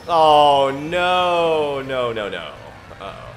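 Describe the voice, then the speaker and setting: A man streaming a racing game who reads scripture in a solemn, drawn-out way between bursts of game commentary. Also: mid-range voice, big pitch swings, fairly bright tone, faint music behind. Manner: slow, drawn-out mock-biblical delivery. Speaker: gaming streamer.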